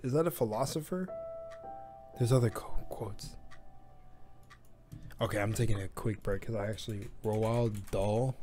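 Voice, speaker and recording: A man hosting a reaction video in casual chat, laughing at himself and mumbling while reading, with soft music behind. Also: on the low side.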